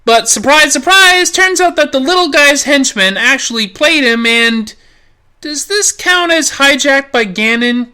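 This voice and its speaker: A woman's voice: sits high, animated, a little slow, bright, forceful tone. A woman host narrating a snarky, profane comedic anime review.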